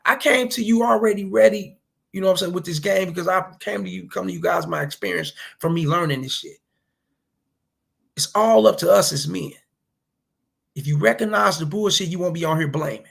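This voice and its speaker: A man with a slightly high, gravelly and husky voice, talking bluntly and profanely in a casual reaction commentary. He lectures his listeners with preachy, street-style advice. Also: a little fast, a bit bright. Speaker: commentary vlogger.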